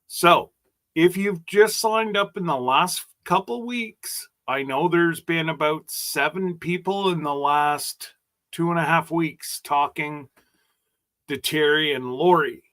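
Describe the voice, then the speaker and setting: Slow, bright-voiced rambling male host. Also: on the high side. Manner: rambling, joking, stumbles over words. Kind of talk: casual livestream chat.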